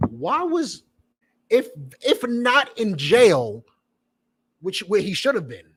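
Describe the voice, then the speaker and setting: A man's voice: high voice, breathy edge. A man giving a fiery, profane preaching lecture, repeating points and questioning his listeners. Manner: emphatic, repetitive, profane; questions the audience directly. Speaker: preacher and teacher.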